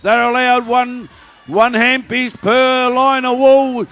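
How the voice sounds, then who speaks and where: High-pitched guy calling a shearing final live, gets shouty and fast when it heats up. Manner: fast excitable play-by-play calling. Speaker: shearing commentator. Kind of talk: live sports commentary. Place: shearing competition venue.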